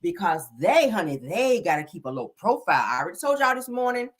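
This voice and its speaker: Sassy, animated woman gossip host. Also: mid-range voice, fairly quick, husky. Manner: sassy, animated, swearing, calls viewers honey and child. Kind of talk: casual gossip commentary.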